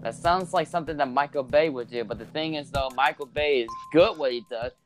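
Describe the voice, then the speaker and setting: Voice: mid-range voice, a little fast, faint music behind. A speaker in casual chat giving blunt, exasperated opinions on a movie. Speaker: movie reviewer.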